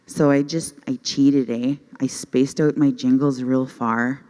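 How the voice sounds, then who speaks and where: A rumbling low, warm voice belongs to a middle-aged Canadian stand-up comic speaking unhurriedly with fairly even intonation. She tells self-deprecating stories on a youth conference stage into a handheld mic, laughing at her own jokes in front of a live audience.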